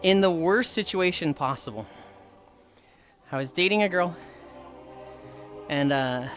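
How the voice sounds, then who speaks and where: Male streamer, late 20s, lively swinging pitch, profane storyteller, faint music under the voice. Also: a little slow. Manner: profane, animated, acts out voices in quotes. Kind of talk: casual storytelling to chat.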